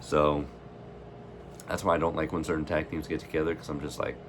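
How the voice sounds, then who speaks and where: A man's voice: a bass voice, flat delivery, fairly quick, noisy background. A man casually ranting in a reaction vlog, rambling and opinionated. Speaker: wrestling fan vlogger.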